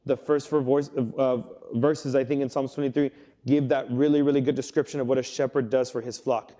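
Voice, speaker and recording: A young youth pastor preaches a sermon casually and conversationally, telling stories and acting out quotes. His voice is mid-range with a dark tone, and his delivery is flat and a little fast.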